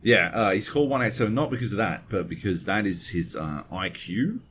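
Male podcast co-host, very low voice, profane and digressive, faint background hiss. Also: animated, brisk, fairly bright tone. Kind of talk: casual chat. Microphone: webcam setup at home desk.

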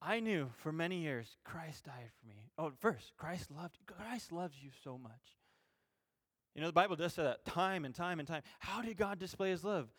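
Animated high-voiced male preacher. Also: normal speed. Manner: animated, swings between loud emphasis and quiet asides; self-deprecating, informal. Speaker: youth pastor. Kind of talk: sermon.

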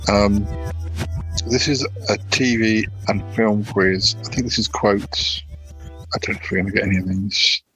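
A man's voice: fairly low pitch, fairly even intonation, moderate pace, a bit bright, faint music behind, poor audio. A man hosting a podcast, reading out film quiz questions in a casual, hesitant way. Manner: hesitant, lots of ums and restarts. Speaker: podcast host.

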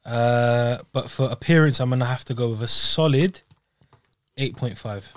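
A man, co-hosting a podcast and describing desserts in relaxed, savoring detail. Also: mid-range voice, normal speed, slight background noise. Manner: relaxed, savoring, talks about food in detail. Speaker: podcast co-host. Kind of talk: casual food review chat.

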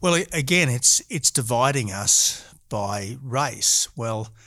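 Middle-aged Australian male politician, measured and argumentative, halting delivery, dry close sound, average pitch. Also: lively intonation, bright, forceful tone, no echo. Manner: measured and argumentative, frequent hesitations. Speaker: politician guest. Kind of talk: political interview.

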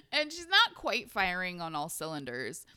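Laughing young woman with a bright voice. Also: fairly low pitch, clean tone, no room sound. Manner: laughs often, reads out the plot with sarcastic asides. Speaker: podcast co-host recapping a book. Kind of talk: casual chat.

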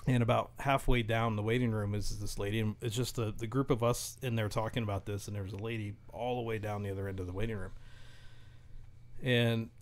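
A man telling a story in casual podcast chat, animated and laughing as he goes. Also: lowish voice, brisk.

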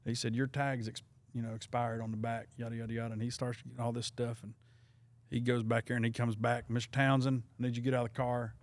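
A man's voice: mid-range voice, little pitch movement, quick pace. A man, an evangelist telling a self-deprecating story in a casual chat. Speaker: evangelist guest.

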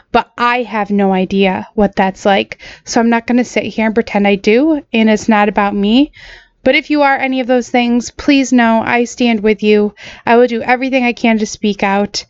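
A woman hosting her own podcast, talking earnestly and haltingly, choked up and apologetic. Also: a little high, clear, resonant tone, no room sound, highs cut off. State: choked up, voice sounds different. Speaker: podcast host. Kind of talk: solo podcast talk.

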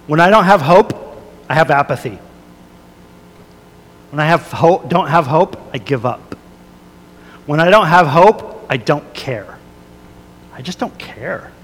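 Pastor, male, 30s, confessional sermon delivery, long hall reverb. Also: a little high. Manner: earnest, confessional, many fillers and restarts, soft prayerful then rising emphatic. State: a little emotional.

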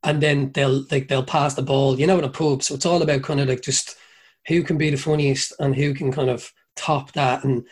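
A man's voice: mid-range voice, fairly even intonation, moderate pace, breathy edge. A man with an Irish accent telling long, rambling stories in a casual chat, swearing freely and mimicking people.

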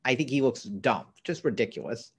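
A man's voice: mid-range voice, lively intonation, a little fast, husky. A man co-hosting a podcast, recapping a TV episode in casual chat with blunt opinions. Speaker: podcast co-host.

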